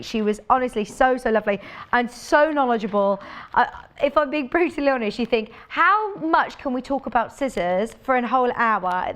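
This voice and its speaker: A woman presenting sewing products on a live shopping channel, chatty and enthusiastic, thinking aloud as she demonstrates. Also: a little high. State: out of breath. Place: TV studio.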